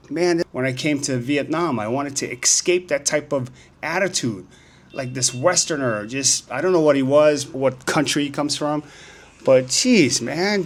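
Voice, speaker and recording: Sixty-year-old man telling a street story. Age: 60s. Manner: animated, acts out dialogue with rising pitch. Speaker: vlogger. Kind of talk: casual storytelling vlog. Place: outdoors on a sunny street.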